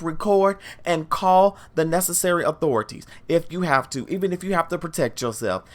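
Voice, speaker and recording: Emphatic woman addressing listeners directly. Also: on the low side. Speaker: podcast host. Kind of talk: storytelling monologue.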